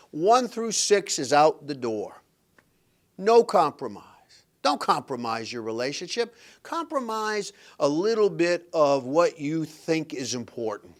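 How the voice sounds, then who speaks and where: A middle-aged man delivers a motivational monologue on a podcast, speaking into a close mic. His voice sits slightly high for a man. He is emphatic and blunt, with a preachy edge as he drives his points home. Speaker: podcast host and relationship coach.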